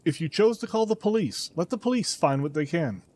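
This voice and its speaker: A man's voice: on the high side, animated, a little fast, darkish tone. A man voicing a defiant sullen young son. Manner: proud, bitter, defiant.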